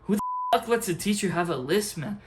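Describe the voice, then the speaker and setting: A man's voice: high voice, expressive, fairly quick, background noise. A young adult man, not a native English speaker, giving an angry, profane ranting monologue as a college student vlogger.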